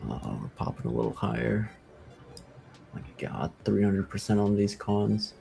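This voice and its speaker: A man streaming live day trading, calling out orders and reacting excitedly to price moves, often swearing. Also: fairly low pitch, moderate pace, gravelly, faint music behind. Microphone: headset over voice chat.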